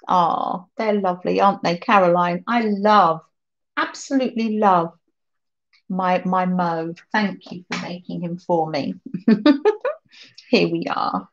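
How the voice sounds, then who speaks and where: A woman's voice: lowish voice, slow, pauses often, highs cut off. A woman hosting a craft livestream, chatting casually, reading out viewer comments and laughing often.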